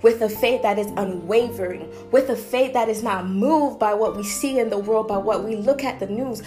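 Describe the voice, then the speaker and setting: Woman preacher, sermon delivery, emphatic and repetitive, slightly high pitch, faint music bed. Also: darkish tone. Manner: emphatic, repeats phrases for stress.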